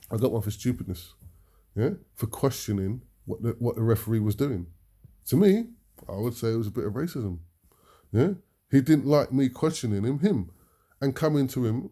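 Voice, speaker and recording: A man's voice: mid-range voice, dark tone. A British man talking as a preacher, making emphatic points to his listeners and often ending them with a questioning "yeah?". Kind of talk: impassioned talk to an audience.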